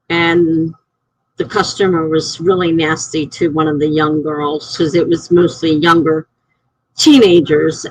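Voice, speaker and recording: A middle-aged woman talks casually on her live stream, rambling from one story to the next. Her voice has a gravelly edge, and the sound is dry and close with no room around it. She grows animated when something offends her. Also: deep voice, dry recording, poor audio. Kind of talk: casual live-stream chat reading comments.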